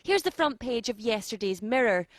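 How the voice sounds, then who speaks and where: A woman's voice: on the high side, animated, normal speed, no room sound. A woman TV reporter reading a punchy, dramatic scripted news report.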